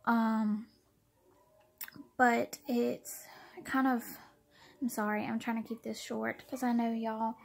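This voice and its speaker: A young woman, talking in a halting, tearful personal vlog, close to tears and often repeating herself. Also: on the high side, little pitch movement, gravelly, poor audio. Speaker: vlogger.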